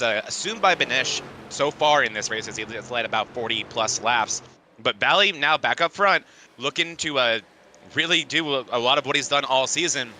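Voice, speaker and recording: A man calling a sim racing broadcast in play-by-play, with energetic, excitable calls. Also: medium pitch. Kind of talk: play-by-play commentary.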